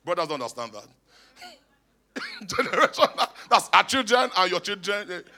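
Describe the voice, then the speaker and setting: A man's voice: high-pitched, big pitch swings, moderate pace, sharp tone. A man, a bishop preaching emphatically in church and calling on the congregation to respond. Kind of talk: sermon. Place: church hall.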